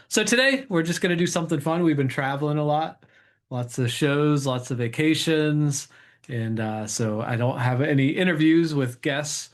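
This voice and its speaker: Relaxed middle-aged man hosting casually. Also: on the high side. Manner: relaxed and upbeat, with fillers. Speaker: podcast host. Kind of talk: casual chat reading jokes. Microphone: table mic set away from the speakers.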